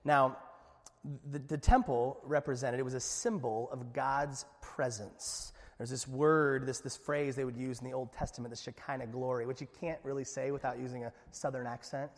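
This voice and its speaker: A man's voice: medium pitch, fairly quick. A man preaching a sermon to his congregation, speaking conversationally with asides and building to emphatic peaks. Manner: animated preaching with rising emphasis. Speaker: pastor. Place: church sanctuary. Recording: echoey hall.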